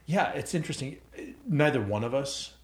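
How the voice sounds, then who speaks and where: A man's voice: medium pitch, expressive, moderate pace, echoey room. A man co-hosting a church podcast, chatting casually, teasing his co-host and laughing often. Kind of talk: casual chat.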